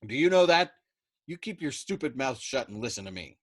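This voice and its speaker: Voicing a frantic young bombardier, a man argues emphatically and agitatedly, pushing his mid-range voice upward. He speaks a little fast, with big swings in pitch.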